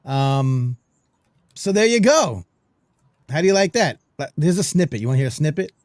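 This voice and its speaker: A man's voice: fairly high pitch, expressive, moderate pace, a little mellow, no echo, studio quality. Chatty man hosting a live show. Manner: loose and chatty, many fillers. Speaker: podcast host. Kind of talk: casual livestream chat.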